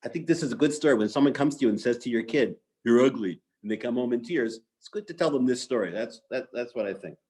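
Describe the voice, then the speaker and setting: A man's voice: medium pitch, lively intonation, quick pace, hardly any pauses, warm tone. A man teaching a lesson on Talmud stories in a conversational way, with filler words and restarts.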